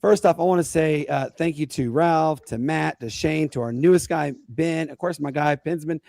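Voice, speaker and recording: Gravelly, excitable sports podcast host. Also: male voice, on the high side, normal speed, no room sound. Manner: excitable, storytelling, rising and falling loudly. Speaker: podcast host and youth basketball coach. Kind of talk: casual sports podcast chat.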